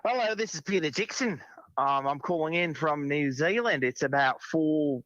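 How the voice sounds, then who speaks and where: A man's voice: fairly high pitch, expressive, moderate pace, fairly bright tone, dry recording. A man voicing a grumpy adult male prank caller whose fake accent keeps wandering, speaking in an indignant, accusing way. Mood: grumbling. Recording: dull phone line.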